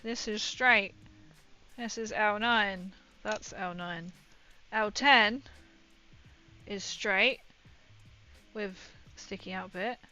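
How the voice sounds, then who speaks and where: Woman streamer, bright and rambling, casual chat over dull lo-fi audio. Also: mid-range voice, extremely slow, long pauses, soft background music. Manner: chatty, rambling, laughs often. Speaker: livestreamer building a model kit. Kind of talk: casual chat while building.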